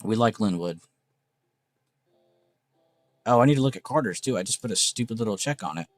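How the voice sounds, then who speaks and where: Host type: young guy, lowish voice, dry close sound, soft music behind, hyped and profane. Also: brisk, no room sound. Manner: excitable, swears freely, gushing praise. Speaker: trading stream host. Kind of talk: casual live-stream chart review. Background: faint background music.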